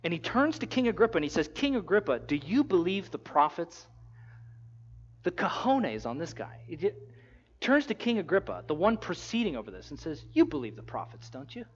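Animated high-voiced male preacher. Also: normal speed, lo-fi sound. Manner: animated storytelling, acting out quotes in a casual voice. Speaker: pastor. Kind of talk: sermon.

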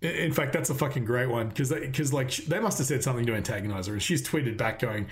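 A man's voice: mid-range voice, fast talker. Profane man telling a story casually. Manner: swears a lot, animated storytelling with quoted voices. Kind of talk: casual chat.

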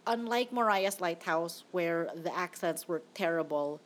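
A woman's voice: lowish voice, unhurried. Chatty, opinionated woman podcast host. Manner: chatty, opinionated, laughs often. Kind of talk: casual chat reviewing movies.

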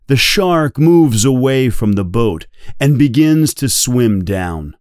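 A man reads a novel aloud slowly and clearly, pacing it for English learners. His pitch rises and falls with lively expression. The voice sits close to the mic in a dry, dead space. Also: no room sound. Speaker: reader. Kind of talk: slow guided reading for English learners.

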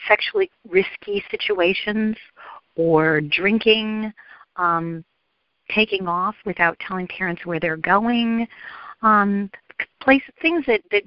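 A woman's voice: on the low side, no echo. Middle aged woman therapist chatting on a podcast, earnest, kinda lo-fi dry sound. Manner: earnest, frequent ums, acts out quotes. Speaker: therapist and guest. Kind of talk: podcast interview.

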